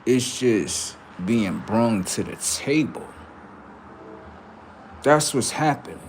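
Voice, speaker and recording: A man's voice: mid-range voice, lively intonation, slow pace, slight background noise. A man hosting a livestream who delivers a rambling, preachy and profane unscripted monologue. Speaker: livestream host.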